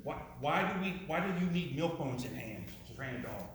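A man's voice: fairly high pitch, expressive, moderate pace. Male presenter, interactive talk, quizzes the room, echoey hall, faint hiss. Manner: asks audience questions, repeats words, jokey asides. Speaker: speaker presenting to an audience. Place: room with a live audience. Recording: roomy with faint noise.

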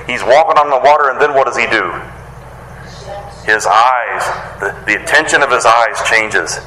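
A man preaching a sermon, animated and casual, who acts out the voices of the people he quotes in a higher pitch. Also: reverberant, slight background noise, rough recording. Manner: casual wording with playful slang. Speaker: pastor.

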